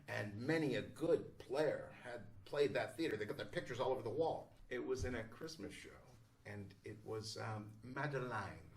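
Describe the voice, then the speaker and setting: A stage actor recalls a theatre show at an easy, unhurried pace, stopping for small pauses. His voice sits in the middle of the range and is recorded with some distance from the microphone. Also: medium pitch, creaky, slight background noise. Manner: unhurried, descriptive, with pauses and fillers. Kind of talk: anecdotal storytelling. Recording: voice distant from the mic.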